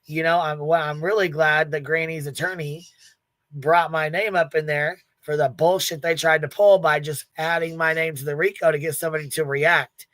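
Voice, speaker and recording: A woman's voice: deep voice, steady tone, moderate pace, a bit bright, dry recording. A woman hosting a livestream in casual commentary, blunt and profane, laughing often as she retells events with quoted asides. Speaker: livestream host.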